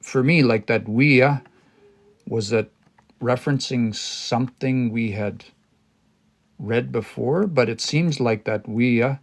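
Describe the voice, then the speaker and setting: A man's voice: mid-range voice, slow pace. Man explaining word by word on a livestream. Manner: hesitant, many restarts, explains word by word. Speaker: language teacher. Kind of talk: livestream language lesson, thinking aloud.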